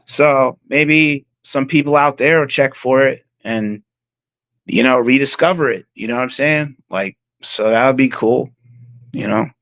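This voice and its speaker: A man's voice: medium pitch, a little slow, fairly bright tone, dry recording. A man talking casually as an interview guest, rambling with many fillers and restarts. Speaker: interview guest, music producer.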